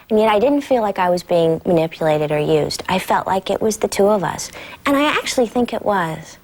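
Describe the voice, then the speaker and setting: A former child actress speaking in an interview in a soft, reflective, earnest way. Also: female voice, mid-range voice, lively intonation, fairly quick.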